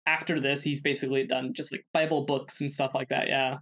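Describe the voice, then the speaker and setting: A man co-hosting a podcast, presenting a researched segment in casual chat, halting with many fillers and restarts. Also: medium pitch, flat delivery, fairly bright tone. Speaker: podcast co-host.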